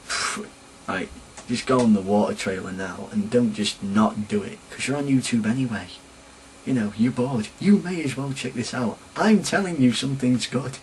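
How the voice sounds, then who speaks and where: A man's voice: fairly low pitch, slight background noise, low-quality recording. Chatty young man with a Sheffield accent. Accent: Sheffield English. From England. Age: young adult. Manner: rambling, chatty, animated. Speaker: vlogger. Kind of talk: casual vlog rant.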